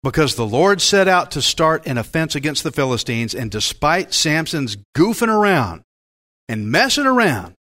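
A man preaching a Bible-teaching sermon as pastor, in a folksy, joking and animated way. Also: fairly high pitch, moderate pace.

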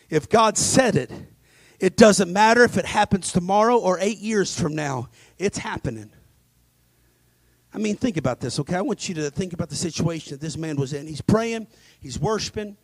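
A male pastor preaching a dramatic sermon, swinging between loud emphasis and hushed asides. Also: sits high, lively intonation, moderate pace, slightly rough, no echo. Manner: acts out scripture voices.

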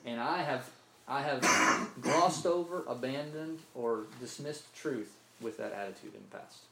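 A man's voice: medium pitch, a little slow, gravelly, pushed and bright, slight background noise. A man from Mississippi preaching a sermon, earnest, often repeating himself and asking "right?". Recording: roomy echo, faint ambience.

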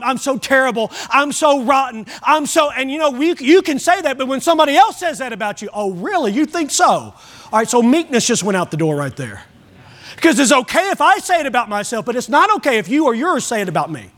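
Very animated and fast, this pastor's notably high, somewhat bright voice carries a folksy, emphatic sermon. He addresses the congregation plainly and acts out prayers.

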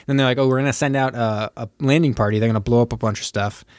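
A man's voice: mid-range voice, fast, dry recording, studio quality. Man animatedly recapping a movie. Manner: animated retelling, acting out characters' lines. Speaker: podcast co-host. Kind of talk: casual movie recap chat.

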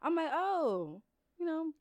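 High, lively woman podcast co-host. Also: takes it slowly. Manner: loud, laughing, profane. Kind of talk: casual chat, storytelling.

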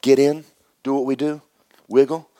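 A man's voice: medium pitch, flat delivery, normal speed, mellow, no room sound, pitched above the performer's own voice, natural voice. A man doing a cool easygoing fish.

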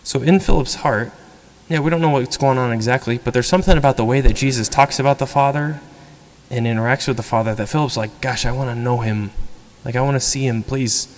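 Guy preaching a homily, chatty and animated, church echo hanging on his voice. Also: mid-range voice, fairly quick. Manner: conversational, animated, acts out quotes. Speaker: priest. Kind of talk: sermon.

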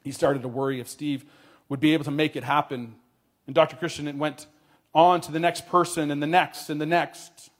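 A man telling a story in a sermon, earnest, dropping his voice quietly at tender moments. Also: a little high, little pitch movement, normal speed.

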